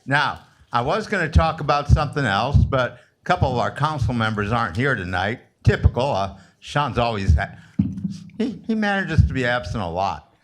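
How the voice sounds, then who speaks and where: A man's voice: medium pitch, very animated, moderate pace. A man giving a crude, mocking, sarcastic public comment at a city council meeting.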